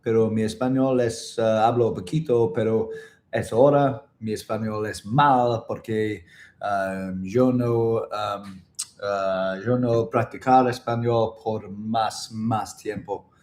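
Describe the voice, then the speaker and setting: A Welsh man chatting casually with viewers on a livestream, reading out comments and trying out halting Spanish. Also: on the low side, steady tone, a little mellow, reverberant. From Wales. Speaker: vlogger on a livestream. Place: indoors in Bangkok.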